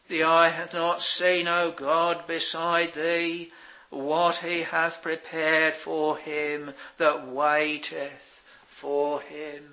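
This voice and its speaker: A man preaching a sermon, slow and halting with many fillers, swelling on exclamations and fading very soft at phrase ends. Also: fairly high pitch, rough recording.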